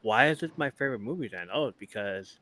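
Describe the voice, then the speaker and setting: A man's voice: mid-range voice, animated, fast talker, pushed and bright. A man co-hosting a live podcast, trading casual, profane banter and laughing often. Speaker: podcast co-host. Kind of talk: casual chat.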